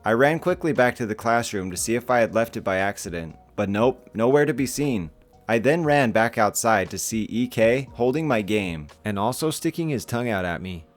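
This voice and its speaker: A man's voice: medium pitch, animated, moderate pace, faint music behind. A man narrating internet stories in a casual, wry tone, as the channel's regular narrator.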